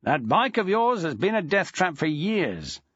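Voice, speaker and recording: A man's voice: sits high, sing-song, unhurried, a bit bright, dry recording, lo-fi sound, heavily acted. A man reading an audiobook, voicing a blunt, exasperated male headmaster who scolds and swears.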